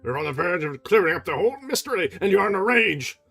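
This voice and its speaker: A man reading aloud and voicing a calm, authoritative male theatre manager who questions sternly. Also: sits high, fast talker, vocal fry, husky, faint music behind, pitched above the performer's own voice, full character voice.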